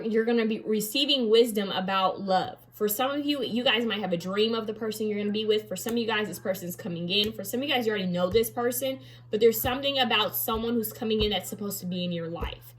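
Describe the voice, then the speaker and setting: A young woman giving a casual tarot card reading, chatty, repeating key phrases and reading card text aloud slowly. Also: a little high, fairly bright tone.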